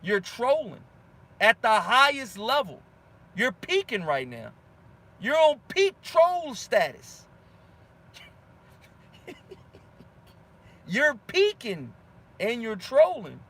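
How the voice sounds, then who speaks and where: Very high-voiced guy ranting at his chat about boxing, slangy, keeps hammering the same point. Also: sing-song, takes it slowly, long pauses, a bit bright. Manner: fired-up, slangy, repeats himself. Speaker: boxing channel host. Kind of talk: heated rant answering viewer comments.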